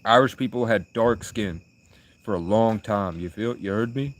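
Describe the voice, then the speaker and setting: A man's voice: fairly low pitch, moderate pace. A young man live streaming, chatting with viewers in rambling, crude, provocative banter. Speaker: livestreamer.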